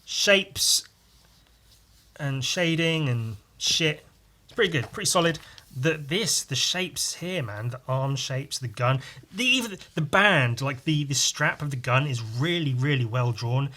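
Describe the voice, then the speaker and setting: A man with a mid-range, expressive voice hosts a podcast while drawing on stream, speaking at a measured pace in a pushed, bright tone. He rambles casually, swears freely and laughs at his own stories.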